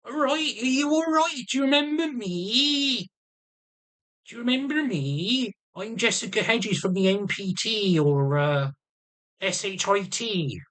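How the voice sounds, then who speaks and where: A man mimicking an excitable, chirpy woman in a high, squeaky put-on voice, eagerly repeating herself. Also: measured pace.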